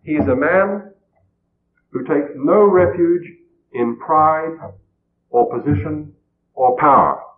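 A man's voice: a little high, slight background noise. Man preaching over a tinny radio. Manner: measured, earnest preaching with rhetorical questions. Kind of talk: sermon. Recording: tinny phone-like old radio broadcast.

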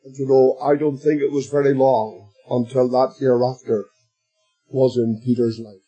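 A man preaching a sermon, slow and emphatic, addressing his listeners as beloved and swelling to shouts at the climaxes. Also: medium pitch, little pitch movement, breathy edge, highs cut off, soft background music.

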